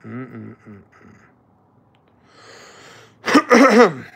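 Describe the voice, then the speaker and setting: A man's voice: on the high side, wildly swooping pitch, very slow, gravelly, a bit bright, slightly rough. A young man chatting casually on a live stream, laid-back and swearing freely, calling viewers bro.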